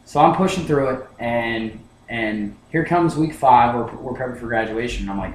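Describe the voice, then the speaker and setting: A man's voice: medium pitch, moderate pace, hardly any pauses, reverberant, a little hiss or hum, low-quality recording. A young man giving a class speech, telling a personal story, often repeating words as he restarts his sentences. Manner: storytelling with many restarts, acts out his past self. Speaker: student speaker.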